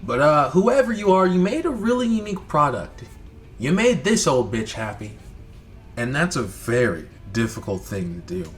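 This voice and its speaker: A man's voice: a little high, very animated, normal speed, soft background music. A man from the United States talking through a casual game review vlog, rambling, profane and full of restarts. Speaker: video creator.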